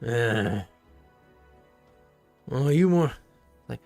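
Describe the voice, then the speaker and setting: A man's voice: medium pitch, expressive, moderate pace, faint music behind. A man running a tabletop game as game master, rambling and laughing as he corrects himself.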